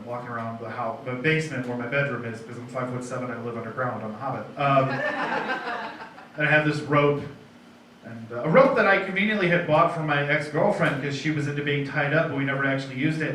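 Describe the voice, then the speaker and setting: Heard from afar through a distant mic, a young comic with a fairly high, pushed and bright voice works a bar comedy night. His self-deprecating set rambles, with restarts and crowd asides, in a very echoey room carrying faint noise.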